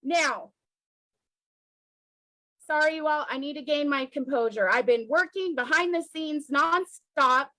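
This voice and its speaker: A very high, bright-toned woman speaking with fervent emotion, hammering her points home by saying them twice. Her voice is crisp and forceful, recorded close and dry with no room echo. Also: unhurried, pauses often. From United States. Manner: emotional, emphatic, repeating for emphasis. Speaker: activist commentator. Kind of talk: impassioned video commentary.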